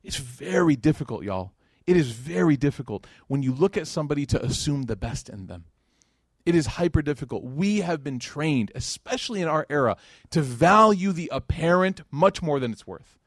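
Male lecturer, higher voice, dry close sound, animated casual storyteller. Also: normal speed, dry recording. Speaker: Islamic lecturer. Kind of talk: religious lecture to a live audience.

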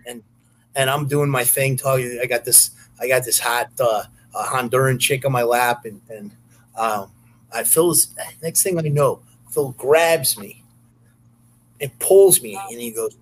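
A man's voice: medium pitch, unhurried, poor audio. Rambling man telling a story. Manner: rambling, many fillers and restarts. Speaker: podcast guest. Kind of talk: casual anecdote telling.

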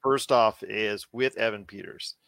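A man's voice: lowish voice, fairly even intonation, measured pace, vocal fry, fairly bright tone, no echo. A man co-hosting a casual chat, chiming in with short corrections and questions. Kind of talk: casual pop culture discussion.

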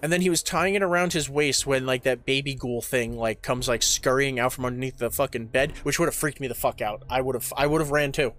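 A man co-hosting a podcast, casually and profanely retelling a movie's plot in an animated way, slipping into other people's voices. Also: mid-range voice, fairly quick, few pauses. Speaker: podcast co-host. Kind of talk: casual movie recap chat.

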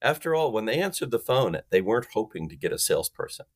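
A man with a low voice that swings widely in pitch talks as a guest on a sales podcast. He makes his points with emphasis and slips in acted-out snippets of phone calls to show what he means. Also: sing-song, fast. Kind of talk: animated podcast explanation.

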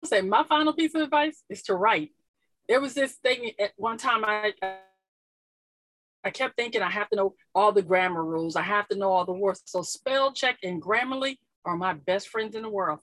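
A woman's voice: mid-range voice, normal speed, a bit bright, no echo, poor audio. A woman guest on a podcast giving encouraging advice in a casual chat. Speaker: guest author and coach.

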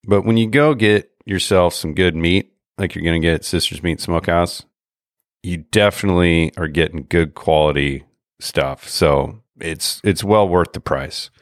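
A man with a very low voice co-hosts a casual podcast and talks in a rambling, halting way, full of pauses and restarts. The sound is dry and close, with no room around him. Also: no echo. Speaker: podcast co-host. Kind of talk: casual chat.

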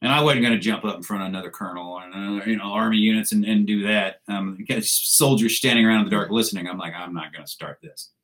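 A man's voice: lowish voice, steady tone, fast talker, few pauses, fairly bright tone. Blunt veteran man telling war stories. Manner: blunt, profane, with wry laughs. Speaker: military veteran guest. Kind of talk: casual war storytelling.

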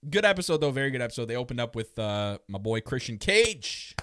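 A man's voice: mid-range voice, fairly quick, a little hiss or hum. A man co-hosting a podcast, chatting casually about wrestling, laughing a lot and acting out quotes. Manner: laughs often, animated, acts out quotes. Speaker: podcast co-host. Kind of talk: casual wrestling recap chat.

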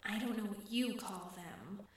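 A woman voicing an eerie female water spirit who speaks slowly in a breathy, hissing hush. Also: mid-range voice, very echoey, close to an everyday voice. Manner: slow, hushed, distant.

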